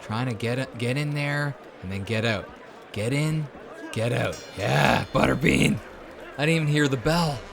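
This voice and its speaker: A man hosting a let's-play, commentating on a video game in a casual, excitable way, cheering at the screen and dropping to a hushed voice when it gets tense. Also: medium pitch, measured pace, vocal fry, a faint crowd. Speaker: host.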